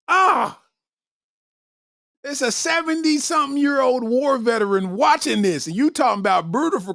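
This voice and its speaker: A male comedian hosting a podcast, riffing in an animated, slangy monologue and laughing often. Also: very high voice, normal speed, no echo, clean studio sound.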